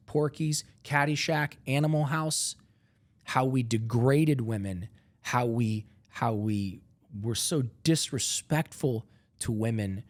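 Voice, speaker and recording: Animated storytelling man. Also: mid-range voice. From Ohio, USA. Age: middle-aged. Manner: animated, acts out both sides of dialogues, stammers when emotional. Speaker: guest, entrepreneur. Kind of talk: emotional personal storytelling.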